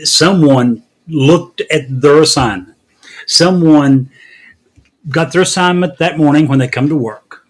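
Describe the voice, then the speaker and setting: Husky-voiced man telling news stories. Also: a little high, a little slow. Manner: storytelling, wry, recounts news items. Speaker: podcast host. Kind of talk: casual news chat.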